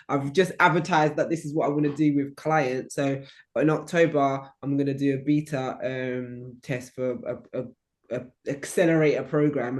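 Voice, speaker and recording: A man in casual conversation about his coaching business, talking in a loose, rambling way. He stops and restarts his sentences and corrects himself as he goes. His pitch sits at an ordinary middle level for a man.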